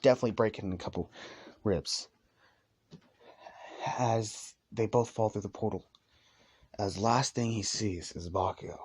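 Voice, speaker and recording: A man's voice: deep voice, a little mellow, husky. A man improvising a fan story, rambling casually and correcting himself as he goes.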